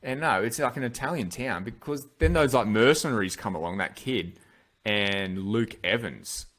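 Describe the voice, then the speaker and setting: A man's voice: on the low side, expressive, moderate pace, fairly bright tone. A man hosting a podcast, reviewing a film in loose, rambling casual chat with lots of restarts. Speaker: podcast host.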